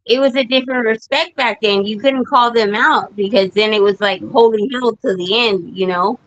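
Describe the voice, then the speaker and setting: A woman's voice: fairly high pitch, moderate pace, fairly bright tone, no room sound. A middle-aged mother speaking in a mid-range voice over a video call with dull, lo-fi audio. She tells blunt family stories and acts out the quotes. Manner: frank storytelling, acts out quotes. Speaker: guest, mother. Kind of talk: casual chat.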